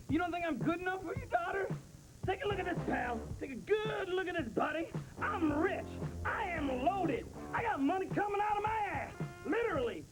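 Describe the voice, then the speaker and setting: A man's voice: very high-pitched, pitched above the performer's own voice. A stand-up comedian voicing a brash, boastful rich suitor who taunts and shows off his money. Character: brash rich loudmouth suitor, adult man. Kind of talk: comedy sketch with put-on voices.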